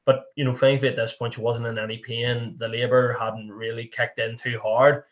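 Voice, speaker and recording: A man's voice: medium pitch, flat delivery, fairly quick, highs cut off. A young man with a Northern Irish accent, a podcast guest telling a candid personal story in a rambling way, full of "you know" and restarts.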